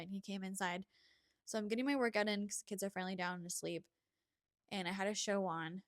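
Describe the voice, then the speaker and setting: A young woman hosting a podcast, chatting casually and confidingly, with frequent laughs and breathy sighs. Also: mid-range voice. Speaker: podcast host. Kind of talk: casual chat.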